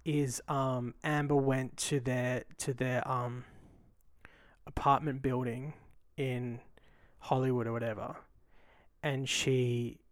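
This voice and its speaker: A man's voice: medium pitch, little pitch movement, slow, long pauses, no echo. A young man co-hosting a podcast, dry and teasing in casual chat. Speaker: podcast co-host.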